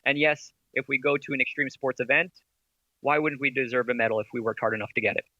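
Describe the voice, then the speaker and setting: Speaking fast with little pitch movement, this man has a medium, bright voice and a forceful tone, recorded lo-fi with no echo. As a podcast guest who started an esports team, he chats casually, rambling with enthusiasm and leaning on rhetorical questions to argue.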